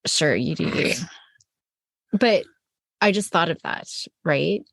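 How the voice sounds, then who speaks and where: Brief: forties female co-host, very low gravelly voice, candid and playful, dry close mic. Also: lively intonation, slow, fairly bright tone, no echo. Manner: candid, playful, explains in examples. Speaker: podcast co-host. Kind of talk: casual chat.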